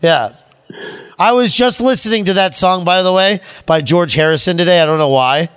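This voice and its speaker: A man hosting a podcast, chatting in lively, playful banter. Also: sits high, moderate pace, clean tone. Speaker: podcast host. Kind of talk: casual chat.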